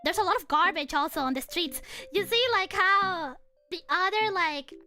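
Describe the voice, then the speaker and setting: Very high-pitched, bright young woman streamer. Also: normal speed, faint music behind. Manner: animated, giggly, swears casually. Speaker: VTuber streamer. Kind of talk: casual livestream chat over travel photos.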